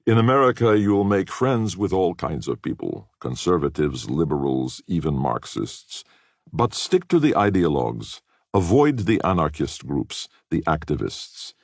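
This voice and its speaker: Guy reading misha, a stern old-school handler laying down rules, gravelly. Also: low voice, big pitch swings, unhurried, dry recording, studio quality, heavily acted. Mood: warning. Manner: instructive, firm. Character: stern male spymaster Misha giving warnings.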